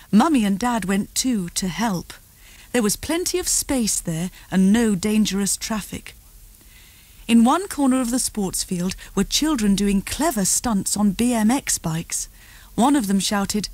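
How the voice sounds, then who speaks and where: A woman reading a children's storybook aloud, with slow, tuneful storytelling. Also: mid-range voice, animated, darkish tone, no room sound. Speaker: audiobook narrator.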